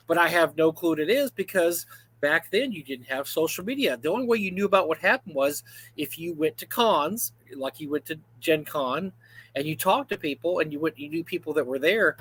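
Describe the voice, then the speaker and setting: Co-host, man in his 50s, fairly high voice, animated storyteller, casual stream chat. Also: fairly quick, slightly rough. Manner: animated storyteller, full of asides. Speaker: livestream co-host.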